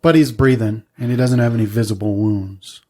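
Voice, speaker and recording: A man running a tabletop game as game master, describing scenes in a relaxed way with frequent fillers. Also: on the low side, fairly quick.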